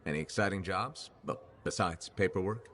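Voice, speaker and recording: A dry-witted mercenary hero. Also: male voice, low-pitched, moderate pace, slight background noise. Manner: dry, deadpan, teasing. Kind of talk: video game dialogue.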